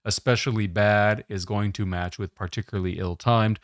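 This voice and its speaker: A man giving a test-prep lesson, explaining question types in a steady, methodical way. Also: on the low side, moderate pace, dry recording, clean studio sound.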